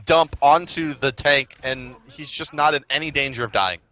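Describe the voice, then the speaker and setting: A man co-casting an esports match, giving quick color commentary with jokes and excitement on the plays. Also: a little high, slight background noise. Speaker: esports caster.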